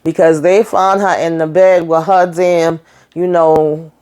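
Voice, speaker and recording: A woman's voice: lowish voice, level tone, measured pace, darkish tone, clear, resonant tone. A woman casually recapping a TV episode, chatty and sassy, calling her viewers girl and honey. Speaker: show reviewer recapping an episode.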